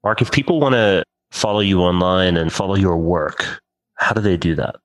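A man with a very deep, low voice hosts an interview. He works through long, reflective questions in a calm, conversational way. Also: normal speed, low-quality recording. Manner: thoughtful, builds long questions. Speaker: interview host.

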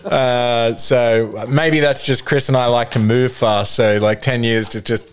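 A man hosting a video call, relaxed and full of fillers as he wraps up. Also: mid-range voice, a little slow, clean tone. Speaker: host. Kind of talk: wrapping up a webinar.

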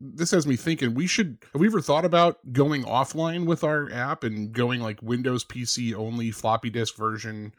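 A man's voice: mid-range voice, fairly even intonation, moderate pace. A man co-hosting a podcast who makes joking asides in casual chat. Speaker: podcast co-host.

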